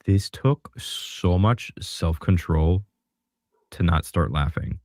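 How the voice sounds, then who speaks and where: A man's voice: low voice, takes it slowly, darkish tone, dry recording, clean studio sound. A man co-hosting a casual reaction chat, with exasperated, sarcastic asides about a debate clip.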